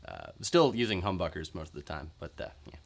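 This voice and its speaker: A man's voice: low-pitched, very animated, brisk, vocal fry, noisy background. A man co-hosting a guitar gear show, chatting casually with playful jokes. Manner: joking, playful asides. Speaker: co-host of a gear demo show. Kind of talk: casual chat.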